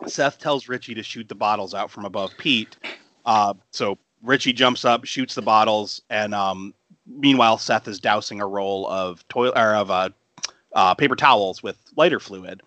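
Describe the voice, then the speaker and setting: A man's voice: on the low side, moderate pace, pushed and bright, dry recording. A man hosting a podcast who retells a film in casual chat, laughing often and swearing freely. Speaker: podcast host.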